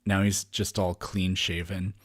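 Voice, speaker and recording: A man's voice: sits low, little pitch movement, measured pace. A man co-hosting a podcast, chatting casually and with amusement, often trailing off and restarting his sentences. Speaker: podcast co-host. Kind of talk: casual chat.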